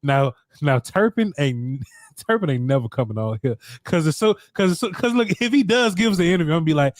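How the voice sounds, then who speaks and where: A man's voice: on the high side, expressive, brisk, no echo, studio quality. A man co-hosting a casual sports talk show, laid-back and slangy, laughing often as he answers the chat. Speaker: sports podcast co-host.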